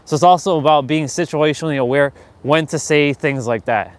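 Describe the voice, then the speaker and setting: A man's voice: fairly high pitch, brisk, smooth. A man hosting a live stream, giving a casual motivational monologue in a blunt, profane way and acting out bits of small talk.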